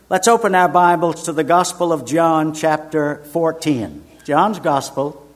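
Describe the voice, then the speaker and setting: An older male preacher from Virginia delivers a sermon in a slightly high-pitched voice. He tells personal stories conversationally and builds to emphatic, forceful declarations. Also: slow pace. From Richmond, Virginia, US. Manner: conversational storyteller, swells to emphatic proclamation. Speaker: minister.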